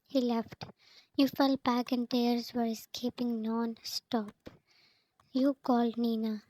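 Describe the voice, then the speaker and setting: Woman slowly reading a fanfic aloud. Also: on the high side, rough recording. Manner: flat, even reading, names speakers before lines. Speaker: fanfiction reader.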